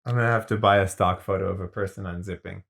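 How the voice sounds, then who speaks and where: A man co-hosting a podcast, reacting to a story with quick jokes and playful teasing. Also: low voice, steady tone, creaky, a bit bright. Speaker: podcast co-host. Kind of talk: casual chat, joking reactions.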